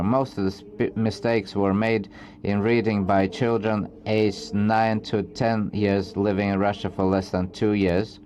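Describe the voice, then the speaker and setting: A man giving an academic research presentation, reading from slides in a halting way with frequent restarts. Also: fairly low pitch, a little mellow, slight background noise.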